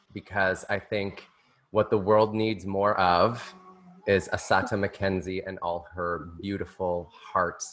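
A man's voice: fairly low pitch, a bit bright. Laughing, gushing male podcast host. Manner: laughs often, gushing and affectionate. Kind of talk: warm interview chat.

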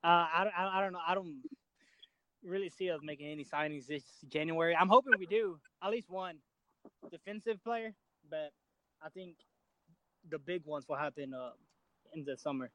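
A man on a football discussion panel who speaks hesitantly, with many pauses and restarts. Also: fairly high pitch, bright, forceful tone, no room sound, low-quality recording. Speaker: podcast panelist.

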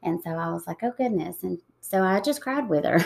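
Woman, 30s, low gravelly tone, soft reflective guest, unhurried with pauses. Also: lively intonation. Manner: soft-spoken, reflective, with many pauses and fillers. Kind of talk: emotional interview conversation.

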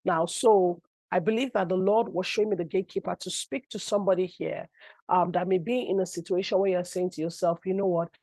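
A woman's voice: fairly low pitch, a little fast, dry recording. A middle-aged woman preacher, giving a sermon full of personal testimony, telling stories animatedly and rising to cries. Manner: animated storytelling that rises to cries. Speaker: apostle, preacher.

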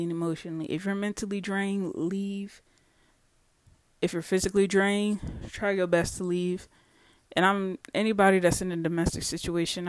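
A solo podcast host speaks in a blunt, heavily profane monologue. The voice sits in a middle pitch and swings between loud, heated stretches and quieter ones. The recording is dry and close, with little room sound. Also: no echo.

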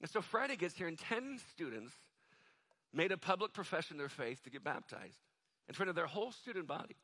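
Male pastor, bright, slightly high voice, jokey storytelling sermon. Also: sing-song, a little fast. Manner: conversational, jokey, acts out quoted voices.

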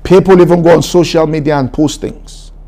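A man preaching a sermon, exhorting his listeners in a repetitive, emphatic style that climbs higher as he builds. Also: steady tone, brisk, warm tone. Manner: preaching, rising to an emphatic raised pitch. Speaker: pastor.

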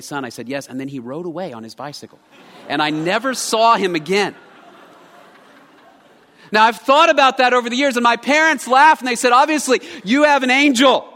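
A man preaches a sermon in an earnest, conversational storytelling manner. His voice sits high and bright. It rings out in a church hall with a long, lingering reverb. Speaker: pastor. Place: church sanctuary.

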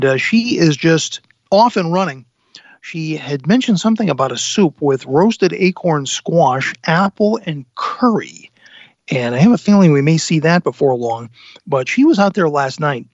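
Broadcasting live from the dining room of an inn, a radio host chats casually and eagerly, leaning on lots of fillers. His pitch is fairly high, and the lo-fi recording has no echo.

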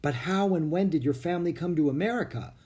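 A man's voice: on the high side, fast, dark tone, pitched above the performer's own voice, close to an everyday voice. A man reading a storybook and voicing a stern, suspicious colonial captain who questions in old-fashioned speech.

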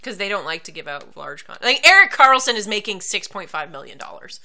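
A young woman co-hosting a relaxed chat, her voice very bright and crisp. She talks in quick bursts, with easy asides and frequent laughter. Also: mid-range voice. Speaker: podcast co-host. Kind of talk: casual chat.

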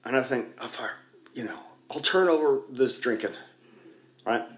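A man's voice: mid-range voice, moderate pace. A man sharing candidly at a recovery meeting, rambling and poking fun at himself, with lots of "you know.". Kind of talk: candid personal talk to a group. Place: church basement.

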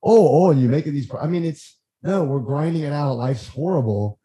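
A man guesting on a podcast, telling stories in a lively, rambling way and acting out what others said. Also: fairly high pitch, a little fast, poor audio. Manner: animated, acts out quotes, frequent restarts. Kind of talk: casual storytelling chat.

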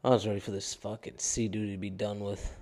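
A young adult man talks alone into his podcast mic, rambling and swearing with a tired, downbeat edge. His voice is mellow and warm, never bright. He drifts loosely from one gripe to the next. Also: lowish voice, flat delivery, fairly quick. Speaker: podcast host. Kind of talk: casual solo podcast rant.

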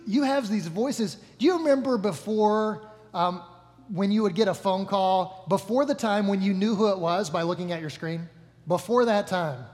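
A man giving a sermon as pastor, relaxed and joking, often correcting himself mid-sentence. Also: sits high. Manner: casual, joking, self-correcting. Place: church hall. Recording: long reverb of a large hall.

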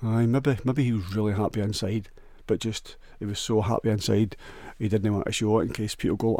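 A man's voice: fairly low pitch, steady tone, brisk, few pauses, dark tone, no echo. A man with a Scottish accent rambling crudely through a jokey solo monologue, often restarting and stumbling over words.

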